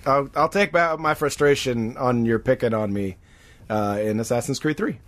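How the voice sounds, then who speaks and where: A man's voice: mid-range voice, moderate pace. A man on a gaming discussion panel, making wisecracks in casual chat.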